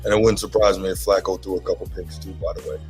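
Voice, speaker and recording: A man's voice: sits low, level tone, quick pace, darkish tone, faint music behind, low-quality recording. A man co-hosting a casual football podcast, laid-back and decisive with his picks. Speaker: podcast co-host. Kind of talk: casual sports podcast chat.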